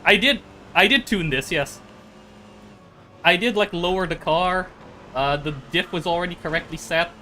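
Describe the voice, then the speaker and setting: A man's voice: high voice, normal speed, pauses often, pushed and bright, a little hiss or hum. A streamer, seemingly a man, giving casual commentary on a racing game, repeating phrases and breaking into fits of laughter.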